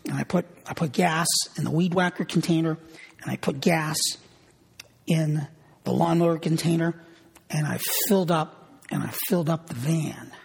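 Man, middle-aged, pastor, sermon, earnest and repetitive, gravelly voice, long hall echo. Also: fairly high pitch, normal speed. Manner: earnest storytelling with frequent word repetitions.

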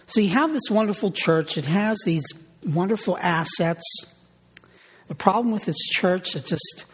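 A middle-aged male pastor gives a sermon with earnest, repetitive storytelling. His voice sits a little high and is gravelly and husky. The sound rings with a long hall reverb.

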